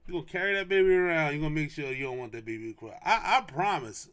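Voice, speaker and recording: A young adult man hosting a podcast, telling a casual story in a slangy, animated way and repeating lines for emphasis. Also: on the high side, quick pace. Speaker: podcast host.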